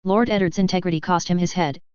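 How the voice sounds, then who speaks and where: A woman's voice: lowish voice, fast, darkish tone, clean tone, dry recording, dull audio, natural voice. A woman voicing a stern, rigid older lord in a fan fiction reading, speaking curtly and coldly. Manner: curt, growling, cold.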